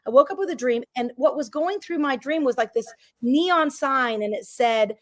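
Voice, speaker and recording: Woman, middle-aged, fairly high pitch, business coach guest, energetic, emphatic, motivational. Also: moderate pace. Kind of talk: casual interview chat.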